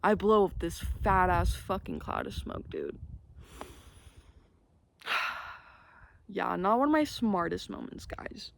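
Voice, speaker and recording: A woman's voice: on the low side, animated, takes it slowly, creaky, long pauses. A young woman telling a story in casual, rambling chat, swearing freely and leaning on fillers, outdoors with wind. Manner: rambling, profane, filler-heavy. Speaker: vlogger. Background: wind and passing vehicles.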